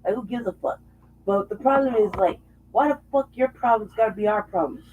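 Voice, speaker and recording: Talking briskly in a medium-pitched voice, a woman co-hosts a casual political conversation, getting heated, swearing and frequently imitating people in mocking voices. The recording is dull and lo-fi, with slight background noise.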